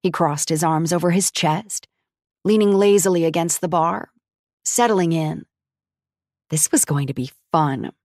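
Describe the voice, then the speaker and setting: A woman with a fairly low voice reads a novel aloud. Her delivery is wry and expressive, with a light comic touch. It is recorded close on a studio mic and sounds completely dry. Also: unhurried, dry recording. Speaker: audiobook narrator. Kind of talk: scripted narration.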